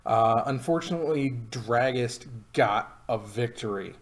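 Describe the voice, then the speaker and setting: A man's voice: mid-range voice, measured pace. A man giving casual live commentary on a card game stream, chatty and rambling with many fillers and jokey asides. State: has the hiccups.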